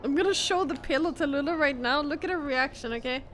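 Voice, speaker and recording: A woman's voice: sits high, fast talker, fairly bright tone, slight background noise. A woman streamer chatting casually with her viewers about her cat, her voice nasal from a cold, swearing and laughing often. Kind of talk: casual live-stream chat.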